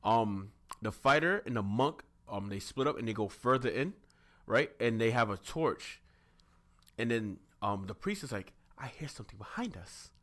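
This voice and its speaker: A man's voice: medium pitch, animated, normal speed, fairly bright tone. A man co-hosting a podcast, casually recapping an anime episode and acting out scenes with silly voices. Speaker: podcast co-host.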